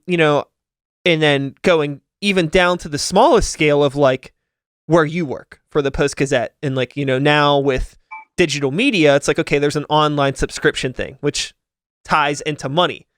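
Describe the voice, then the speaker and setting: A man's voice: fairly high pitch, moderate pace, a bit bright, clear, resonant tone, dry recording, studio quality. A man from hosting a podcast, talking in a rambling, casual way with lots of fillers. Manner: rambling, filler-heavy, upbeat sing-song outro. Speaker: podcast host. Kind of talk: casual interview chat.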